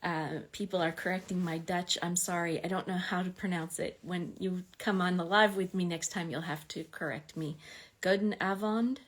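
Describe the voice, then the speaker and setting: A woman's voice: fairly low pitch, steady tone, normal speed, few pauses. A woman hosting a fan club livestream in a casual, chatty way, full of ums and small laughs. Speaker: fan club administrator and host.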